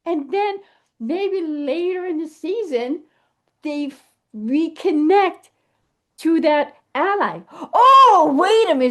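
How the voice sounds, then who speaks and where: A woman talking casually to camera in an animated, emphatic way, thinking aloud and restarting her sentences as she goes. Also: high voice. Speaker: vlogger. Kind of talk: casual rambling monologue.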